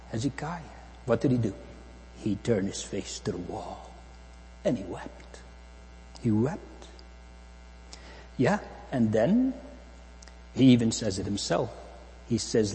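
A man's voice: medium pitch, sing-song, slow, pauses often, dark tone. A man preaching a fervent sermon to a congregation, repeating phrases and asking rhetorical questions. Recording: long hall reverb with mains hum.

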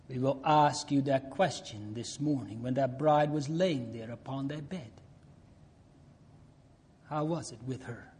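Male preacher, slow delivery, soft dark tone, rises to loud appeals then drops to near-whispers. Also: medium pitch, slight background noise. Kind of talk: sermon.

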